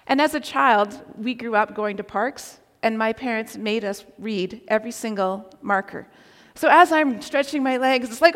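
A woman preaching a sermon, telling a personal story with animated delivery and occasional shouted quotes. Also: a little high, moderate pace. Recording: long reverb of a large hall.

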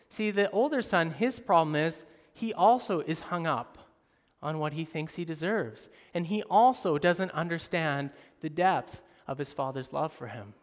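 A man preaching a sermon, moving between soft, slow passages and loud, emphatic ones. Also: a little high. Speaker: pastor. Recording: reverberant hall.

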